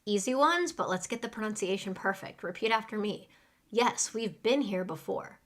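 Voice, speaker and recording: A woman teaching a live online English class. She talks patiently and clearly, acting out a server's lines and pausing so students can repeat them. Her voice sits at an ordinary middle pitch. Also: a bit bright.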